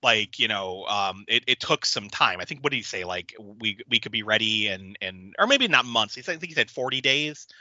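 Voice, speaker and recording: An animated man in his forties riffs on film ideas in casual podcast chat, laughing often and swearing freely. His voice is very bright and swings widely in pitch. The sound is dry and a little dull. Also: a little fast, hardly any pauses, no echo. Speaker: podcast co-host.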